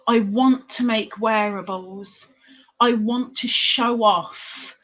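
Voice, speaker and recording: An English woman with a slightly high voice and a regional, non-London English accent chats warmly with her livestream viewers, answering each one by name. She talks casually and emotionally and breaks into laughter often. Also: fairly even intonation, takes it slowly. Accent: English, not London. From England. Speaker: crochet livestream host reading chat. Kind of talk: casual live chat.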